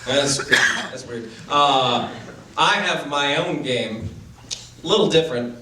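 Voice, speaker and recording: A man's voice: medium pitch, lively intonation, very noisy. Young man doing dry stand-up. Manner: dry, halting delivery with many fillers. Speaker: stand-up comedian. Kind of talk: stand-up comedy set. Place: small live venue with an audience. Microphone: distant camera mic. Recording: echoey room from far off. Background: audience laughter.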